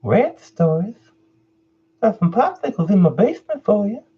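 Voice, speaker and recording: A man voicing a creepy male clown luring a child, in a high, menacing sing-song. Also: very animated, moderate pace, husky, highs cut off, heavily acted.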